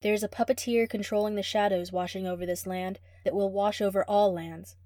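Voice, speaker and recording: An ancient rainbow phoenix god pronounces its words slowly, with a solemn and cryptic grandeur, voiced by a woman narrating a storybook. The voice stays near a mid-range pitch and sounds dry and close. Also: fairly even intonation, dark tone, dry recording, close to an everyday voice.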